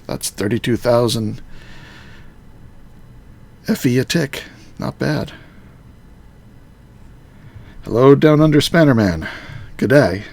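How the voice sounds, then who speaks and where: A man casually talking through a modded game on a live stream, muttering to himself with halting fillers. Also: medium pitch, creaky, husky.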